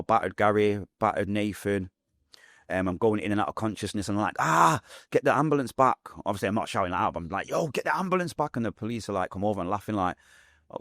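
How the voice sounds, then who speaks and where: A young man with a broad Mancunian accent tells his story at a rapid clip, acting out voices as he goes. His voice sits fairly low. The sound is close and dry, with no room echo. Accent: Mancunian English. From Manchester, England. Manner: fast, vivid storytelling with acted-out quotes. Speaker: guest. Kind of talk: podcast interview storytelling.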